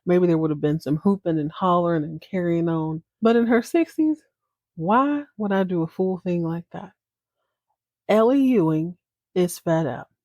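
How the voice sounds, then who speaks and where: A woman's voice: fairly low pitch, moderate pace, darkish tone, dry recording, studio quality. A woman hosting a casual podcast, giving a chatty, playful and dramatic retelling full of asides. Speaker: podcast host.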